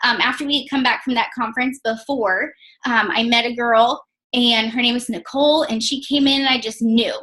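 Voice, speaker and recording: Woman in her twenties, high voice, chatty, emotional, lots of fillers, personal story talk. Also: fairly even intonation, moderate pace, pushed and bright, rough recording. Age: 20s. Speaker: direct sales team leader.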